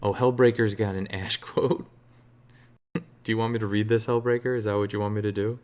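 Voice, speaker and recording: A man streaming games, chatting casually in a relaxed, rambling way with a soothing voice and lots of fillers. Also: fairly low pitch, brisk. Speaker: game streamer. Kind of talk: casual live-stream chat.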